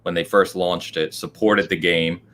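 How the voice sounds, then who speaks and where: A man hosts a casual gaming podcast in a low voice, upbeat and quick to chime in with agreement. A faint hiss sits under the recording. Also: fairly even intonation, a bit bright. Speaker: podcast host.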